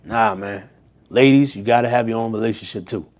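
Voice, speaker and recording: A man's voice: lowish voice, brisk, darkish tone. A man leading a Bible study, reading scripture aloud and breaking off into casual, slangy commentary and pointed questions to his listeners. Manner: direct, rhetorical questions to listeners.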